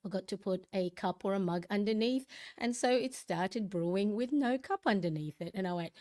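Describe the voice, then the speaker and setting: A chatty woman hosting a casual live stream, greeting each viewer by name and laughing often. Her voice is a little croaky this early in the morning, and she talks easily and warmly to the chat. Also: mid-range voice, expressive, normal speed.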